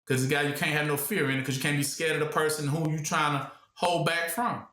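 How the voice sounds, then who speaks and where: Male preacher, high bright voice, call-and-response, casual delivery, roomy echo. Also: fairly even intonation, fast talker. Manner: rhetorical questions, congregation fills the blank; casual, colloquial speech. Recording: echoey room.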